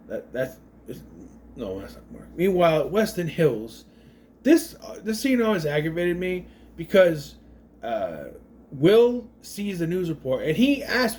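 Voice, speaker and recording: A man talks through a movie in a loose, rambling recap, drifting into side stories and slipping into quick impressions of the characters. His voice sits a little high and swings widely up and down. It sounds like an off-the-cuff chat. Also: sing-song, a little mellow. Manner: rambling, goes off on tangents; mimics characters' voices mid-story. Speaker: movie reviewer.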